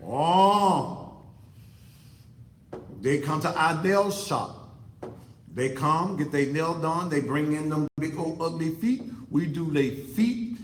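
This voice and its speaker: Fiery high-voiced man, roomy sound. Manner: preachy, fiery, repeats himself for emphasis. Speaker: online talk show host. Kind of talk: impassioned commentary monologue to camera. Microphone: computer setup facing a monitor.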